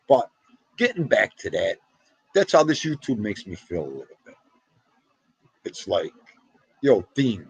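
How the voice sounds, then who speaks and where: Gravelly North Jersey man on a livestream. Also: mid-range voice, no room sound. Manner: rambling, animated, Italian-American slang. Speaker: livestream host reading chat. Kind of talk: casual livestream chat.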